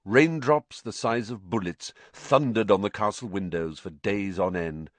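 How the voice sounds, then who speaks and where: A man narrating an audiobook with expressive storytelling. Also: on the low side, unhurried, no room sound. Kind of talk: scripted narration.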